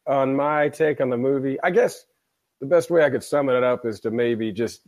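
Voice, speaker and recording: A man's voice: mid-range voice, normal speed, darkish tone, no echo. A man co-hosting a casual podcast chat, with dry jokes. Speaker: podcast co-host.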